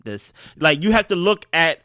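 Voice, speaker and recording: A man breaks down a game strategy in a casual recap chat. He talks fast and animated, dropping "right?" as he goes, in a fairly high voice. The recording is close and dry. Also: dry recording. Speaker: podcast co-host.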